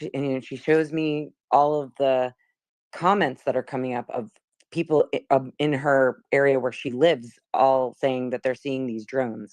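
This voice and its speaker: A woman's voice: a bass voice, normal speed, dry recording. A woman in her forties from South Jersey, casually recounting what she saw, chatty and rambling with many fillers. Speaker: witness.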